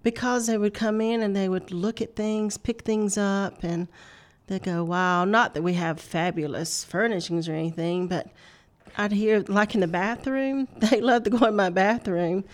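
A woman's voice: medium pitch, moderate pace. A middle-aged woman, laughing often as she tells a personal story on a faith talk show. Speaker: guest.

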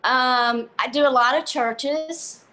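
A woman's voice: high-pitched, slow, pushed and bright. An older woman with a Southern American accent, a comedian guest telling folksy stories and laughing often in a casual interview over a video call. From Southern US, Georgia.

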